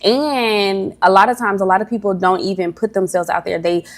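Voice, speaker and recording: A woman's voice: mid-range voice, fairly even intonation, moderate pace. A young woman hosting a casual motivational livestream, chatty and a little nervous, often stumbling over her words as she rambles. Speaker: livestream host.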